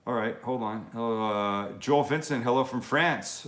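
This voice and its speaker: A man's voice: lowish voice, fairly quick, few pauses, fairly bright tone, roomy sound. A man hosting a casual live-stream Q&A from his home kitchen, rambling and swearing freely between viewer questions. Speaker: cooking show host.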